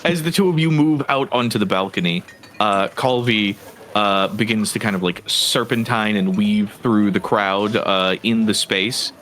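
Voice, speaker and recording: A man narrating a tabletop game as game master, with frequent pauses and fillers. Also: on the low side, fairly bright tone, slight background noise. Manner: hesitant, many "uh" and "um" fillers.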